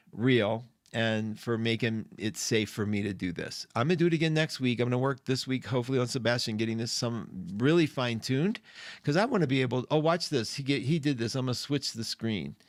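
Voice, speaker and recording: A middle-aged man talks straight into a studio mic in a dry, close sound, hosting a live stream. He is chatty and effusive and greets viewers by name. His voice sits at a middle pitch and swings up when he gets excited. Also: moderate pace, no room sound. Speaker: astrology show host. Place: indoor room.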